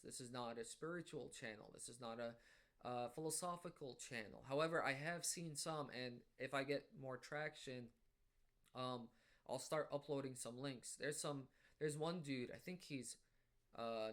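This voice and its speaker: A man talks to his camera from home in a casual, meandering monologue. His pitch sits mid-range, and he trips over fillers and restarts as he thinks aloud. Self-conscious yet reflective, he settles into a gently reassuring tone. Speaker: vlogger. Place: at home indoors.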